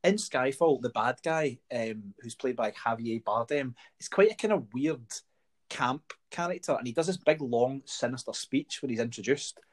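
A Scottish man chats casually and tells stories with animation, and he slips into other people's voices to act them out. His voice has a slight husk and sits at an ordinary middle pitch. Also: normal speed. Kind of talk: casual chat.

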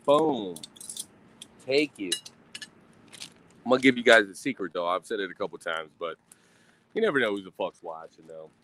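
Brief: male livestream host, lowish voice, cussing, rambling, self-mocking, recorded outdoors on a phone. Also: expressive, normal speed, pauses often, pushed and bright, low-quality recording. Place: outdoors at a grill.

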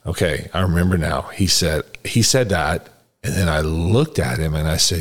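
A man's voice: extremely low pitch, steady tone, brisk, breathy edge. A man hosting a podcast, telling a story animatedly and acting out the dialogue. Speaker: podcast host. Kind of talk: casual conversation.

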